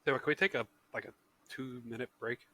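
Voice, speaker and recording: A man's voice: mid-range voice, fairly even intonation, brisk, bright, forceful tone. A man playing in a tabletop game over a voice call, chatting casually with a giggly, apologetic manner. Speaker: player. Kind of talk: casual chat at the gaming table.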